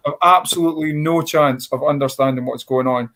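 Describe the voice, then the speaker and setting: A man's voice: fairly high pitch, fairly even intonation, a little fast, a bit bright. A Scottish man in his forties, a comedian telling a rambling, blunt, self-mocking story on a panel show. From Scotland. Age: 40s. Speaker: stand-up comedian.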